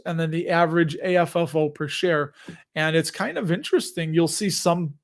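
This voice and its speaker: Chatty man hosting a live stream. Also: a little high. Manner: chatty, rambling, laughs at himself. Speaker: host of a live investing show. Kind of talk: casual live-stream chat.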